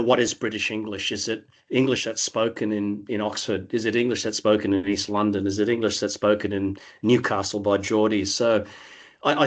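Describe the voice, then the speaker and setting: Australian man, slightly low nasal voice, thoughtful guest who restarts often. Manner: thoughtful, hesitant with frequent restarts. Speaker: interview guest. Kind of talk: conversational interview.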